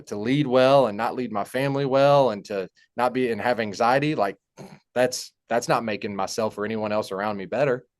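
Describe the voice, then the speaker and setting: A young man telling a personal story in a halting, heartfelt way, with many fillers and restarts. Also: medium pitch. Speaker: podcast guest. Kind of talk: personal story in casual conversation.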